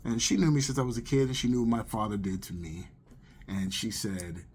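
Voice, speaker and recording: A man's voice: mid-range voice, brisk, darkish tone, a little hiss or hum. A man earnestly sharing his personal faith testimony in a conversational, storytelling way. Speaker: testimony speaker.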